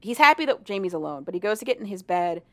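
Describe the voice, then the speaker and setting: Young woman co-host, lively storyteller, swaps into character voices, casual chat. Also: mid-range voice, fast. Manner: animated, acts out characters' lines with swearing and laughter. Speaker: podcast co-host.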